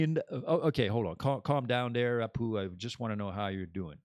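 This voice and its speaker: A man's voice: fairly low pitch, fairly quick, few pauses, a little mellow, dry recording, clean studio sound. A man hosting his own podcast in a casual, rambling monologue that drifts between topics and laughs at his own jokes. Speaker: podcast host.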